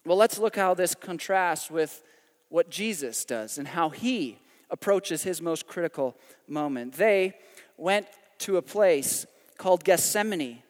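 Preacher, male, high voice, dynamic emphatic delivery, big echoing sanctuary. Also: unhurried. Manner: animated, emphatic preaching with sudden loud climaxes and quiet drops. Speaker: pastor. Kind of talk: sermon.

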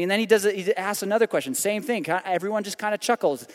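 A man with a high-pitched voice preaches a sermon, talking casually and tossing in asides and rhetorical questions. His voice rings out with a long reverb, as in a large hall. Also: fast talker, hardly any pauses. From Canada. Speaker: pastor.

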